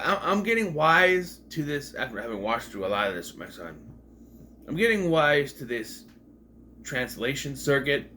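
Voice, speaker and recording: A man talking through a TV episode in a loose, rambling way, full of jokey asides. His pitch sits in an ordinary middle range. A faint hiss of background noise runs under the recording. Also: sharp tone. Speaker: video reviewer. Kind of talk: casual retrospective commentary.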